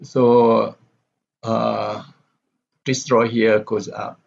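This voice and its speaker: A man lecturing on pronunciation, methodically repeating example sentences slowly with exaggerated stress. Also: mid-range voice, fairly even intonation, gravelly, a little mellow, husky. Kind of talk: recorded lecture. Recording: dull lo-fi recording with faint background hiss.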